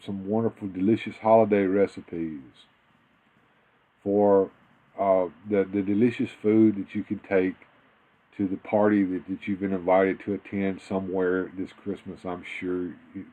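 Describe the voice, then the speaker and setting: A man's voice: low-pitched, flat delivery, moderate pace. A man co-hosting a casual live stream, rambling and restarting his sentences as he chats. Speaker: co-host of a toy live stream. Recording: tinny phone-like audio.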